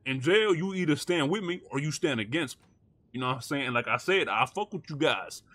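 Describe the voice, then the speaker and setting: A man's voice: a little high, expressive, a little fast, a bit bright. A man role-playing a prison gang boss in game voice chat, talking brash street slang and barking orders.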